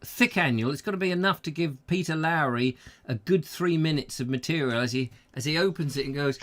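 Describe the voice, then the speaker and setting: A man's voice: on the high side, brisk, fairly bright tone. A man hosting a comic chat show, rambling and jokey, trying out silly impressions. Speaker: host.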